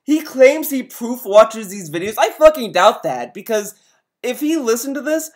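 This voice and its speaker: A man's voice: very high-pitched, big pitch swings, moderate pace. Exasperated man ranting at a video. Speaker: video host reacting to a review. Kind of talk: casual reaction commentary.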